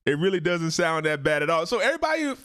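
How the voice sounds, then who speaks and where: A man hosting a reaction video, giving blunt, profane, animated commentary. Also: fairly high pitch, brisk, clean tone. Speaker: react channel host.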